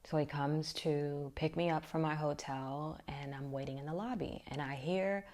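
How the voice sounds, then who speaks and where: A woman's voice: low voice, fairly even intonation, moderate pace, darkish tone. A woman vlogger telling a personal story in a reflective way, often dropping to a near-whisper.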